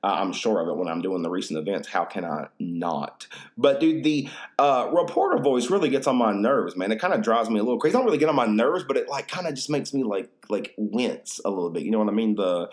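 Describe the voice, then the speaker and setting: A man's voice: fairly low pitch, expressive, fast talker, few pauses. A young adult man hosting a solo podcast, telling stories in a rambling, profane way with laughs. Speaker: podcast host. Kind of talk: casual solo podcast chat.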